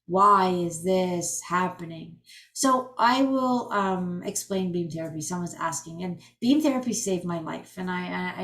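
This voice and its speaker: Woman, forties, healing coach on a group call; chatty, animated storyteller who restarts sentences often. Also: lowish voice. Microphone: video call.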